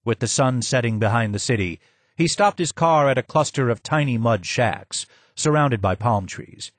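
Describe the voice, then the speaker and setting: A man's voice: medium pitch, no room sound. Man narrating an audiobook, dry. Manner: steady, measured storytelling. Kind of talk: scripted first-person narration.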